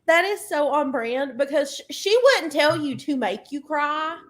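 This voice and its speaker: A woman with a notably high voice, co-hosting a reading stream in easygoing chat. She teases and jokes her way through the conversation. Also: animated, a little slow. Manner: teasing, laughing banter. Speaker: readathon co-host. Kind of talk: casual chat.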